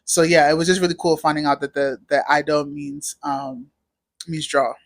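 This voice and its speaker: A woman's voice: sits low, steady tone, normal speed. Rambling young woman guest, lots of fillers. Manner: rambling, heavy use of "like" fillers. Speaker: podcast guest, knitwear designer. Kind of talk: casual interview chat.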